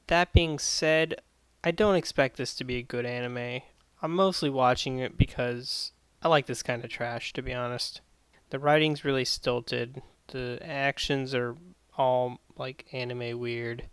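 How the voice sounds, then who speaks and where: Profane, rambling man with a smooth voice. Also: mid-range voice, fairly even intonation, a little slow, a bit bright, dry recording, rough recording. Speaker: anime reviewer. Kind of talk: casual spoken review.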